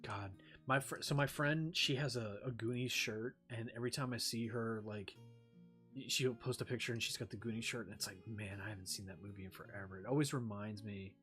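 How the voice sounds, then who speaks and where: A man in a casual stream chat, rambling and dropping swear words between plenty of fillers. His voice sits at an ordinary middle pitch. Faint music plays behind him. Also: normal speed, a bit bright.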